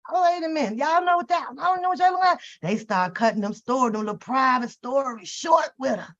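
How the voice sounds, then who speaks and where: A woman telling stories and giving comedic commentary in a profane, animated, joking way. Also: sits high, fairly quick. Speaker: reaction channel host. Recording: dull lo-fi recording.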